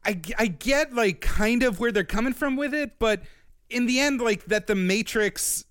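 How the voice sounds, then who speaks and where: A man's voice: extremely high pitch, a bit bright, smooth, dry recording. A young man co-hosting a podcast, telling stories in a rambling, casual way. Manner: rambling storyteller, quick to jump in. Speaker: podcast co-host. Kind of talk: casual chat.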